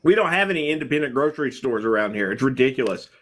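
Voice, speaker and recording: A man's voice: mid-range voice, expressive, fast, a bit bright. A man, a pharmacist, talking in casual chat, blunt and wry.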